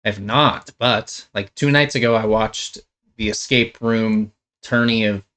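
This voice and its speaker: A man with a fairly low voice, co-hosting a casual games podcast. He is laid-back and easygoing, chiming in with short reactions and questions. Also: measured pace, fairly bright tone. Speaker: podcast co-host. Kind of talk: casual gaming podcast chat.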